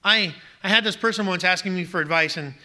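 A man with a high, keen voice delivers a sermon from the pulpit. He presses his point with rhetorical questions and emphatic repetition. His tone is sharp and cutting. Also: fast. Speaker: pastor.

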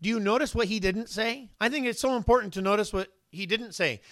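A man preaching a sermon in an animated way, often putting questions to his listeners and briefly voicing the people in the story. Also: high voice, fast talker, hardly any pauses, dry recording, studio quality. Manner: animated, asks the listeners questions, voices the figures.

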